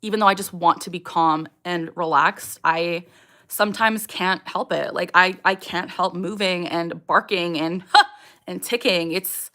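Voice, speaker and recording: A woman's voice: fairly low pitch, steady tone, unhurried, bright, forceful tone. A young woman hosting a casual livestream, answering viewer questions candidly, with frequent ums and sudden vocal tics. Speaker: livestream host.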